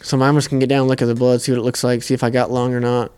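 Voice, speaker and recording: A young man co-hosting a podcast tells a hunting story in a loose, easygoing way, swearing often. His voice is smooth and clear, in a middle pitch. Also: racing. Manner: relaxed, profane storytelling. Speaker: podcast co-host. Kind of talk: casual hunting story chat.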